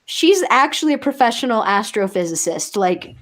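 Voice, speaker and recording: Woman with a high voice telling a funny story on a podcast, lots of likes. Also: moderate pace. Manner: animated, anecdotal, filler-heavy. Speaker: panelist. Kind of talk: casual storytelling in a group chat.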